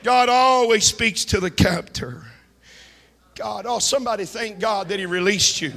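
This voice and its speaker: High, fiery preaching man in a church. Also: moderate pace, gravelly. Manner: fiery preaching, shouting and chanting. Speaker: pastor. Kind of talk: sermon. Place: church hall. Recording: reverberant church hall.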